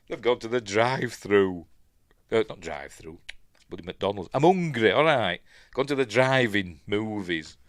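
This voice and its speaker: Yorkshire bloke rambling through a film, lowish voice, dry close sound, lots of ums n chuckles. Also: male voice, a little slow, long pauses, no echo. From Yorkshire, England. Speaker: film reviewer. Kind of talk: casual scene-by-scene film commentary.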